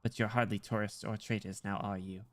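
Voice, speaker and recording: A man's voice: fairly low pitch, a little fast. A man reading aloud as a tall, poised female imperial guard, speaking politely and formally with an attempted Russian accent. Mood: courteous. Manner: polite, formal, calmly persuasive. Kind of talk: reading game dialogue aloud.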